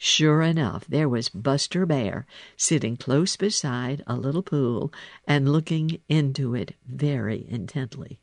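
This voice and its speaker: A man narrating a children's animal storybook in an expressive, animated way. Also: mid-range voice, measured pace, dry recording. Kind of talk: storybook reading.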